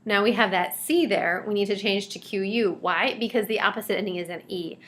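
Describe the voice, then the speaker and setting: A woman's voice: mid-range voice, brisk, a bit bright. Woman teacher explaining grammar step by step. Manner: step-by-step explanation, switching between English and Spanish. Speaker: Spanish teacher. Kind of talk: recorded grammar lesson.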